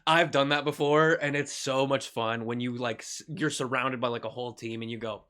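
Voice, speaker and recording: Casual and joking, a man commentates his shooter stream, swearing freely, laughing often and yelping when the game turns. He has a mid-range voice at a moderate pace.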